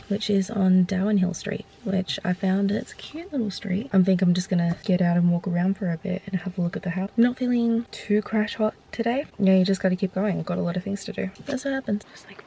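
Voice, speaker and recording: A young Australian woman vlogging while she travels, chatting in a rambling, excitable way into a handheld camera. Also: mid-range voice, creaky, slight background noise. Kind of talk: casual travel vlog. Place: hotel room, then outdoors on streets.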